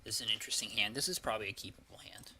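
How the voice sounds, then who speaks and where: A man talks through his card game as he plays, weighing each choice out loud with pauses and fillers. His voice has a very bright, sharp edge. A faint hiss of noise sits behind him. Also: fairly low pitch. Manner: thinking aloud, hesitant, with fillers and swearing. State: has the hiccups. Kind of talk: casual gameplay commentary.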